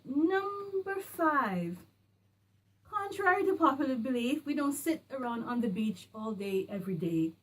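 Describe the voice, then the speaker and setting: Caribbean woman vlogging, emphatic and animated, talks a little far from the mic. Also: fairly high pitch. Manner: animated, emphatic, lists numbered points. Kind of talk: casual explainer vlog. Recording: a bit distant from the mic, faint music.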